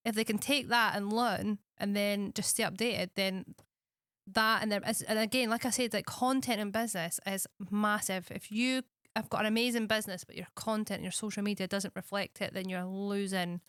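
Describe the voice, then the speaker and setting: A woman's voice: medium pitch, steady tone, moderate pace, a bit bright, clear, resonant tone, no room sound, studio quality. A woman coaching on social media, interviewing a podcast host in a casual, earnest way with lots of fillers. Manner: earnest, searching questions with many fillers.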